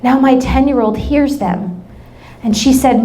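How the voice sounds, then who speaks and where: High-voiced woman pastor, candid and emotional. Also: steady tone, unhurried, warm tone. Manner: candid, emotional, self-deprecating. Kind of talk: sermon with personal storytelling.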